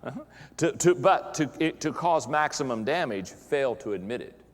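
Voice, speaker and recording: Lively low-voiced pastor in a hall. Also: male voice, normal speed. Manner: animated, self-mocking storytelling, with repeated words and exclamations. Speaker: pastor and leadership speaker. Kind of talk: humorous live talk to an audience. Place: large hall with an audience.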